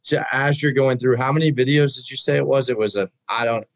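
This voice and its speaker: A man's voice: mid-range voice, a little fast, no room sound, low-quality recording. A man interviewing, asking rambling questions full of fillers. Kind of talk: casual interview.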